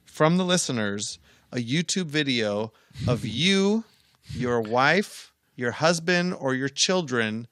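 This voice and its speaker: A man's voice: medium pitch, lively intonation, slow pace, fairly bright tone, dry recording, clean studio sound. A middle-aged man co-hosting a podcast, telling a story in casual banter, firm and swearing freely. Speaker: podcast co-host.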